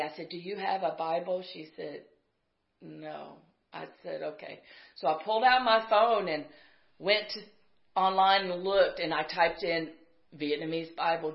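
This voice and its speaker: A woman preaching a sermon, telling a personal story in a conversational way and building to fervent, shouted exhortation. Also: on the low side. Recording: roomy, slightly muffled recording.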